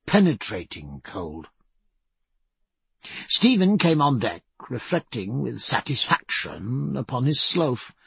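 Slow, gravelly male audiobook narrator. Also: medium pitch, no echo. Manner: measured storytelling with lively, varied intonation.

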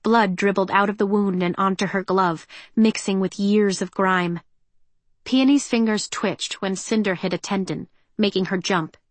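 Woman reading audiobook, steady tense storytelling, mid pitch, super dry close sound. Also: no room sound. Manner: measured, tense, expressive reading. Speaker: narrator. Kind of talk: audiobook narration.

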